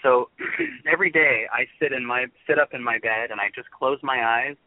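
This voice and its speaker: A man's voice: medium pitch, expressive, normal speed, no room sound. A man guest on a phone-in radio interview, talking earnestly and at length about meditation and love. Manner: earnest, rambling spiritual talk. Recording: tinny phone line.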